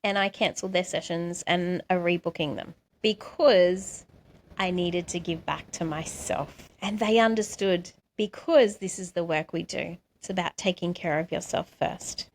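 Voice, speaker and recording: A middle-aged woman speaks as a life coach in an unhurried, gentle voice. She talks straight to the camera in a soft, reassuring self-help tone, guiding her listeners step by step. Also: lowish voice. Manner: soft, slow, reassuring guidance.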